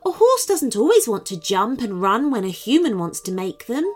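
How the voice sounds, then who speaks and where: A gentle talking horse explains kindly and patiently in a soft voice, as a woman reads her part. Her voice sits high and moves in a lively way, at an unhurried pace. Quiet music plays underneath. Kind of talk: storybook character voice.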